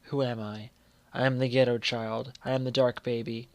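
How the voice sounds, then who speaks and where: Male poetry reader, steady mid-range voice, measured pacing with soft line endings, little melodic movement. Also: mid-range voice, dry recording. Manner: measured, letting line ends fall quiet. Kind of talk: poetry recitation.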